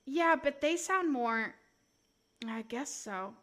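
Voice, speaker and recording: A young woman, chatting on a live stream in a high, bright voice. She talks slowly and unhurriedly, giggling and joking as she rambles from one thought to the next. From Sweden. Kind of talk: casual live-stream chat.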